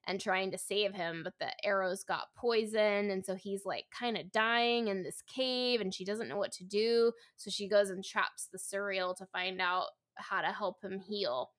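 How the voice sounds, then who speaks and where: Chatty woman podcast co-host, bright voice. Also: medium pitch, fairly even intonation, a little slow, hardly any pauses. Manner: chatty, full of fillers like "like" and "you know". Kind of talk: casual book discussion.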